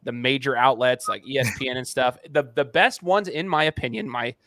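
A male podcast host who talks in a chatty, animated way and interviews his guest. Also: mid-range voice, brisk, no room sound. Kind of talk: casual interview talk.

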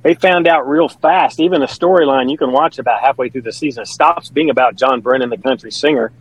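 Brisk and mid-range with a breathy edge, a middle-aged man from Kentucky chats earnestly through stories as an interview guest. He is a country singer and pastor, and the recording sounds rough.

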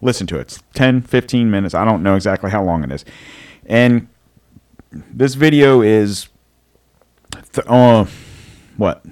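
A man's voice: fairly low pitch, measured pace, pauses often, darkish tone. A man co-hosting a podcast in casual chat, rambling and joking, laughing often. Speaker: podcast co-host.

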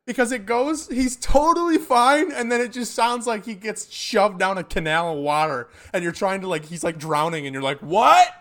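A man's voice: high voice, fairly quick, hardly any pauses. A young man hosting a casual live-streamed chat, joking and swearing freely. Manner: profane, joking, excitable. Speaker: podcast host.

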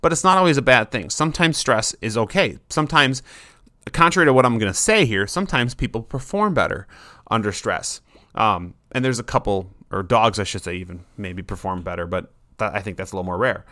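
Bright-voiced man explaining casually. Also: on the low side, animated, a little fast, no room sound, clean studio sound. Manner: conversational, explains with everyday examples and asides.

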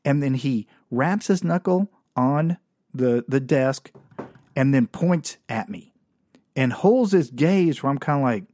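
A man's voice: mid-range voice, lively intonation, slow pace, dark tone, no echo, clean studio sound. A man telling a comic personal story in a casual, slangy, wry way.

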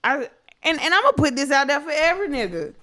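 Woman, high voice, podcast co-host, casual chat, blunt, profane storytelling. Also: big pitch swings, fast, fairly bright tone.

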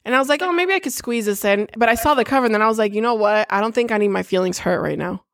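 A woman co-hosting a podcast, chatting casually, self-deprecating and quick to laugh. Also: fairly high pitch, vocal fry. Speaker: podcast co-host. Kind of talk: casual chat.

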